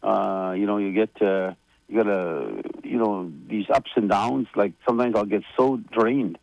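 Gravelly middle-pitched man, casual radio chat, halting and rambling, dry close mic. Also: dry recording, highs cut off. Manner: rambling, halting with many fillers and restarts. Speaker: federation leader giving updates on radio.

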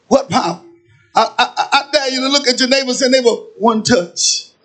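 A man preaching a sermon, using call-and-response and chanting as his preaching builds to shouts in a church sanctuary. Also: very high-pitched. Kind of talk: whooping sermon.

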